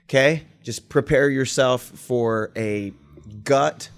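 A man's voice: medium pitch, takes it slowly, smooth, faint music behind. Podcast host guy hyping the next joke, playful and chatty. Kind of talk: casual chat.

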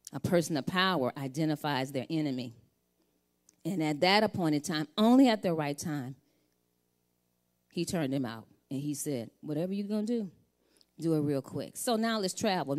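A woman's voice: low-pitched, darkish tone. A middle-aged woman preaching a sermon, reading scripture and building to fervent calls for the congregation to repeat after her.

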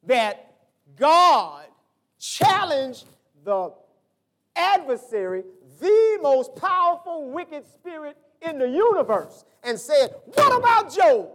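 A man preaching a sermon as pastor, telling stories and acting out the voices in them, swinging from shouts to low asides. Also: very animated, takes it slowly.

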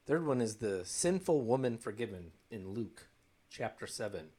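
A man's voice: fairly low pitch, very animated, moderate pace, warm tone. Wry man in casual chat. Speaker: podcast co-host. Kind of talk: casual discussion, reading scripture aloud.

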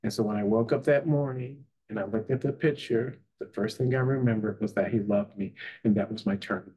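A man's voice: lowish voice, a little fast, mellow, husky, muffled recording. A man, a psychotherapist and life coach, telling an emotional personal story in earnest, often checking in with "right?" and "you know". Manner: earnest, tag questions, frequent "you know".

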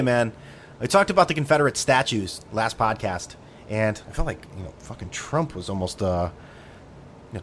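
A man in the middle of a casual podcast monologue, sardonic and freely profane. His pitch rides up and down with lively swings, and his voice sits in an ordinary middle register. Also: slight background noise. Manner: sardonic, profane, tangent-prone. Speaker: podcast host.

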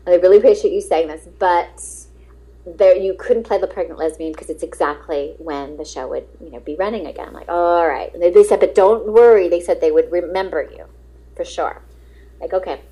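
A middle-aged woman, a guest actress, telling lively anecdotes in an interview and acting out the dialogue. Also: lowish voice, fairly quick, husky, low-quality recording. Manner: lively, acts out quoted dialogue, laughs often.

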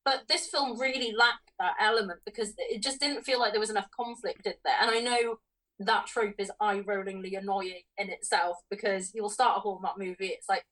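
A woman's voice: mid-range voice, fairly even intonation, a little fast, fairly bright tone. A woman co-hosting a film podcast, dismissing a bad movie with wry, laughing criticism. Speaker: podcast co-host. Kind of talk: casual film review chat. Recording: voice distant from the mic.

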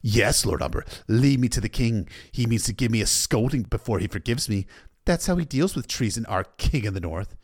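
A man's voice: lowish voice, moderate pace, dry recording, clean studio sound, natural voice. A man voicing a defiant older lord who speaks harshly and mockingly.

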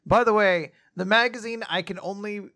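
High-pitched guy recapping a manga chapter, jokey, laughs a lot. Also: steady tone, normal speed, noisy background. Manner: joking, laughs often, sarcastic asides. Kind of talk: casual manga recap chat.

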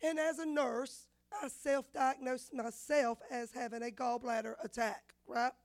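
A woman, a women's pastor telling a personal testimony in a sermon, animated and acting out the dialogue. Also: sits high, measured pace. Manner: animated storyteller, acts out dialogue.

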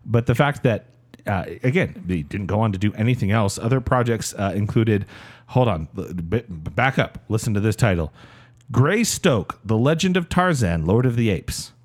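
Animated man with halting delivery. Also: on the low side. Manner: halting, many restarts, enthusiastic. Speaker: podcast co-host. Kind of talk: casual chat about movies.

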